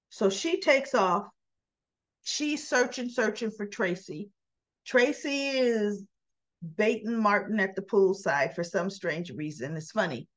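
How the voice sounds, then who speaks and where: A woman's voice: mid-range voice, takes it slowly. A woman casually recapping a daytime soap episode, acting out the characters' lines as she tells it. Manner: animated retelling, acts out dialogue in quotes. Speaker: soap opera reviewer. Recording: slightly dull lo-fi audio.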